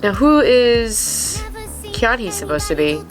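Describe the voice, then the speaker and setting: A young woman hosting a reaction video, chatting casually and gushing excitedly, with the odd swear. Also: fairly high pitch, slow pace, music in the background.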